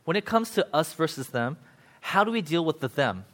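A man preaching a casual, conversational sermon, paraphrasing scripture in lively everyday speech with frequent "right?" asides. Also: a little high, normal speed. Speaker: pastor.

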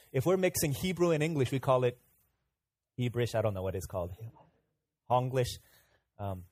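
A man's voice: on the high side, dry recording. Earnest male pastor preaching a sermon. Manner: interactive, has the congregation repeat words aloud; earnest, swings from emphatic to quiet asides.

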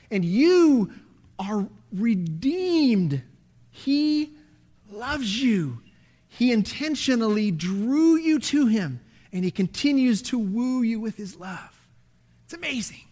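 High-voiced animated male preacher. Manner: animated, swinging between loud and hushed. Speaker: pastor. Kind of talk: sermon.

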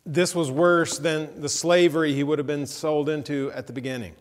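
A man preaching a sermon, retelling a parable with vivid storytelling that rises into animated emphasis. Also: on the high side, moderate pace, long reverb tail. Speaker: pastor.

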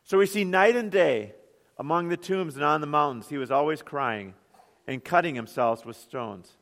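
A man's voice: a little high, moderate pace, fairly bright tone. Preaching man in a reverberant hall. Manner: earnest preaching with rhetorical questions. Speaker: pastor. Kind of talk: sermon.

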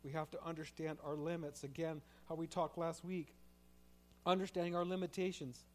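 A man's voice: fairly high pitch, flat delivery, moderate pace, slight background noise. Man preaching a heartfelt sermon. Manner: shifts from quiet reflective to loud impassioned pleading. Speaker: pastor.

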